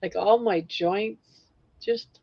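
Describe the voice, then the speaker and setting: Slow, gravelly older woman host. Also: mid-range voice. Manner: rambling, breaks into song snatches. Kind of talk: casual live-stream chat. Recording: dull lo-fi stream audio.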